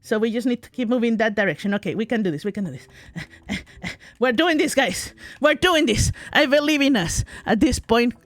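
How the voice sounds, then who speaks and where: A woman doing let's play commentary, excitable, talking to herself with shrieks and laughs. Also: on the high side, moderate pace, dry recording. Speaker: gaming streamer.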